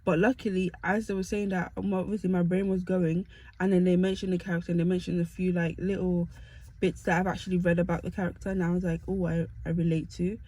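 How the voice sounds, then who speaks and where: Young uk woman vlogging, animated and self-mocking, just chatting to camera. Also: lowish voice, quick pace, low-quality recording. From United Kingdom. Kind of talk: casual storytelling to camera.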